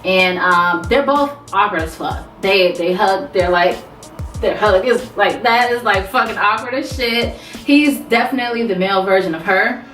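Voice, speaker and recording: A woman recapping a TV episode in a casual, profane, animated vlog, talking back to the characters. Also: mid-range voice, normal speed, distant mic, faint music behind. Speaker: TV recap vlogger. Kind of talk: casual recap with quoted voices. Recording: roomy sound, away from mic.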